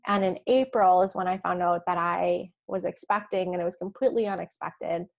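A woman guest in an interview, telling a personal story in a casual, animated way, acting out her own past dialogue with light laughs along the way. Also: on the low side, a little fast, gravelly. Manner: frequent light laughs and restarts.

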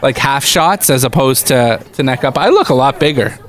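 A man's voice: mid-range voice, lively intonation, normal speed, fairly bright tone. A middle-aged man, co-hosting a podcast in casual chat, telling a rambling story and laughing often. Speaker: podcast co-host.

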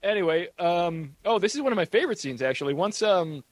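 A man's voice: sits high, animated, fairly quick, dry recording. A man co-hosting a casual movie commentary podcast, rambling and joking, swearing freely. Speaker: podcast co-host.

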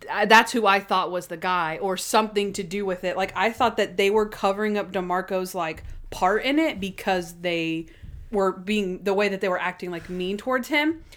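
A woman's voice: normal speed, fairly bright tone. Chatty young woman co-hosting a podcast. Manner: chatty, lots of "like", acts out scenes in high voices. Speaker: podcast co-host. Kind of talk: casual chat.

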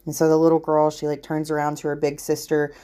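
Low-voiced woman, candid and emphatic. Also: monotone, quick pace, warm tone, smooth. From Kentucky. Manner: candid and emphatic, uses many "like" fillers, swears freely. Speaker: therapist and podcast host. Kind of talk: casual podcast monologue.

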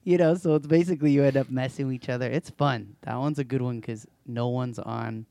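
A man's voice: mid-range voice, steady tone, brisk, creaky, warm tone, no room sound. A man co-hosting a podcast in easygoing casual chat, laughing often. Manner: easygoing, laughs a lot, chatty. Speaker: podcast co-host.

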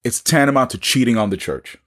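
A man's voice: mid-range voice, a little fast, fairly bright tone. A man with a New York accent telling his own story in a casual podcast conversation, acting out the dialogue and repeating words as he goes.

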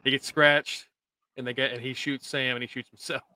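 A man's voice: mid-range voice, flat delivery, moderate pace, pushed and bright, no echo. A man co-hosting a podcast, chatting casually, laughing a lot and teasing his co-host. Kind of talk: casual recap chat.

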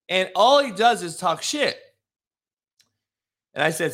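A man's voice: extremely high pitch, very animated, a little slow, pauses often, sharp tone. A man in his forties, a former football coach, telling a blunt, profane, heated story and ranting about disrespectful kids. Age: 40s.

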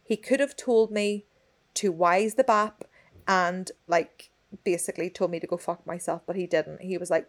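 A woman, telling a story in casual chat, expressive and swearing freely. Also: on the low side, moderate pace. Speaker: podcast co-host.

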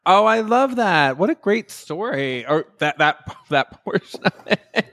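A man hosting an interview podcast, laughing often and reacting with quick, warm backchannels. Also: sits high, very animated, no echo. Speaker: podcast host. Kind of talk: casual interview chat.

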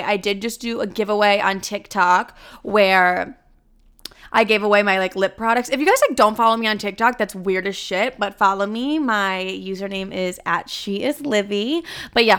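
A woman's voice: medium pitch, fairly bright tone, clean tone. A young woman hosting her own podcast, chatting casually in a playful, profane, gossipy way. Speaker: podcast host. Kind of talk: casual chat.

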